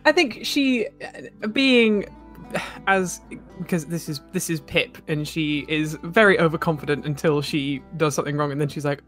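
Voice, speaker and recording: A woman's voice: sits low, lively intonation, moderate pace, soft background music. A woman playing a tabletop game, rambling and giggly, describing her character. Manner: giggly, rambling, often laughing. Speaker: player.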